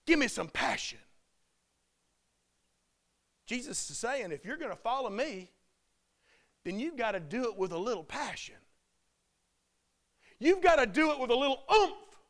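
A man preaching a sermon with emphatic delivery, building to loud shouted peaks. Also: very high voice, sing-song, a little slow, long pauses.

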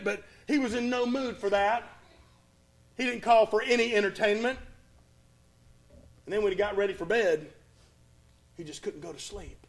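A very high-pitched man preaches, retelling a Bible story with dramatic pauses. His volume swings from loud to hushed throughout the sermon.

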